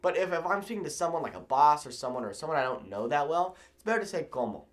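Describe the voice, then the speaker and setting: A man from California teaching a video language lesson, animated and repeating phrases slowly for learners. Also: fairly high pitch. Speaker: Spanish teacher.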